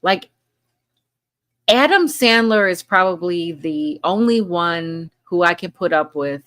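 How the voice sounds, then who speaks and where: A woman's voice: fairly low pitch, lively intonation, slow pace, a bit bright. A woman hosting a casual live chat, reading viewer comments aloud and laughing often between remarks. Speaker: livestream host.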